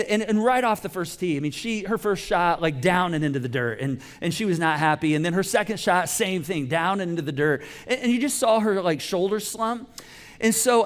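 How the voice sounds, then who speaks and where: A middle-aged male pastor with a fairly high voice gives a sermon. He tells stories in a relaxed, conversational way and often stops to restart a sentence. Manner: conversational storytelling with many restarts and fillers.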